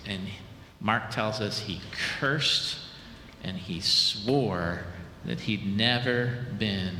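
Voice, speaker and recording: A male pastor delivers a sermon with a bright, forward voice, growing animated and then sinking low and hushed to retell a scene. His words ring out through a large church with long reverb, with faint room ambience behind. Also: drawn-out words, slight background noise. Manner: animated preaching, dropping low and soft for dramatic quotes. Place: church sanctuary. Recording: echoey hall with long reverb.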